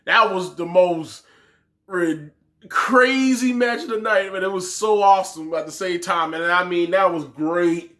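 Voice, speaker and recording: Young man, high voice, bright and forceful, excitable wrestling reviewer, lots of exclamations. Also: measured pace. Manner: animated, exclaims often, trails off mid-sentence.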